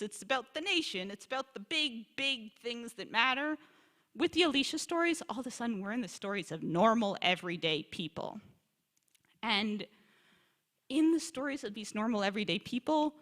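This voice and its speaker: A woman giving a lively, conversational Bible teaching talk as a visiting scholar, acting out quoted complaints along the way. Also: medium pitch. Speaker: scholar in residence lecturer. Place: congregation sanctuary or hall. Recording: long reverb of a large hall.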